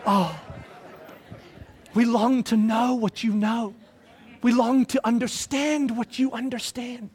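A man voicing eager young children who softly plead with their father to keep talking. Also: extremely high pitch, steady tone, slow, pauses often, a faint crowd, voice pushed up.

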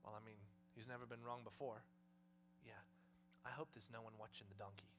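A man acting out two nervous male disciples squabbling in hushed voices. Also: fairly low pitch, steady tone, a little fast, noisy background, pitched below the performer's own voice, close to an everyday voice.

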